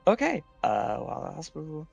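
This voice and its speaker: Gravelly man recapping a game session. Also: a little high, huge pitch swings, quick pace, soft background music. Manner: rambling, with many fillers and restarts. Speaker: player recapping the last session. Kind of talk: casual recap of a tabletop game.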